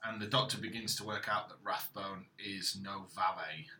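A man's voice: sits low, fairly even intonation, normal speed, sharp tone, slight background noise. A man co-hosting a podcast, casually recapping a story with dry, matter-of-fact asides. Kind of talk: casual chat. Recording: echoey room.

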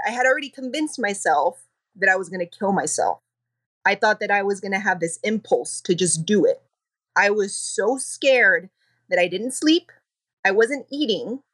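A woman's voice: mid-range voice, fairly bright tone. A woman who is a podcast guest, telling a personal story in an earnest, emotional way. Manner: earnest, emotional, quick recounting.

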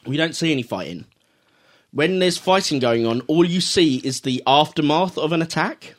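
A man's voice: a little high, animated, moderate pace. A man co-hosting a podcast, explaining and critiquing an anime in a casual, opinionated chat. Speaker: podcast co-host.

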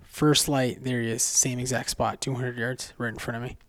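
A man on a hunting podcast, calmly telling his story step by step in casual chat. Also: medium pitch, moderate pace. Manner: relaxed, plays the scene out step by step. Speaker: podcast co-host and hunter.

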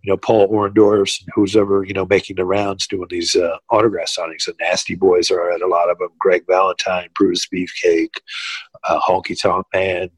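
A man's voice: sits low, level tone, normal speed, husky, no room sound, poor audio. An older man, a former pro wrestler, telling stories in a casual interview, rambling with lots of fillers and restarts.

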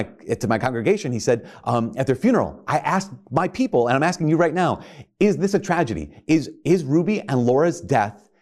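A male priest giving a sermon in an earnest way, full of rhetorical questions. His voice sits at a mid pitch, and he often stops and restarts his phrases as he builds a point. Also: a little mellow.

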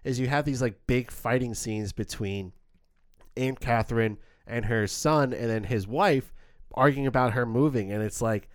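Smooth-voiced man chatting about a film. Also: mid-range voice, moderate pace, dry recording, studio quality. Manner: animated, acts out quoted lines. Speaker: podcast co-host. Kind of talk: casual film review chat.

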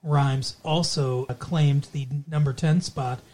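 A man's voice: a little high, steady tone, takes it slowly, a little mellow. A man hosting a podcast, chatting casually and playfully with his co-host and joking around. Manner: jokey, playful, repeats intros in a mock radio-DJ voice.

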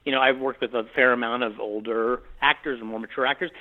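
A man's voice: mid-range voice, fairly even intonation, quick pace. A man, a film director, talking about his work in an interview, casual and rambling with many fillers and restarts. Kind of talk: conversational interview. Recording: tinny phone-line sound.

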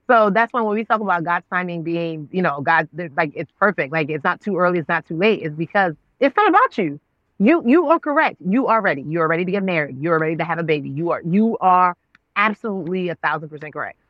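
Animated woman telling a story, dry dull sound. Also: no echo. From Nigerian family. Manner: expressive, acts out her own past words with big pitch jumps. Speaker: guest, actress and author.

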